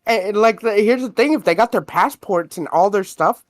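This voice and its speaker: A man's voice: high-pitched, moderate pace, faint music behind. A man co-hosting a podcast in casual chat, telling long rambling stories with lots of swearing and fillers. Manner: rambling, profane storytelling full of fillers. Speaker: podcast co-host.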